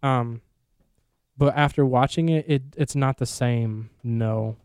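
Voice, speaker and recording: Podcast guy rambling fast and excited, mellow smooth voice, dry close mic. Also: medium pitch, no room sound. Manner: excited, rambling, quick bursts. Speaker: podcast host. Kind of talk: casual chat.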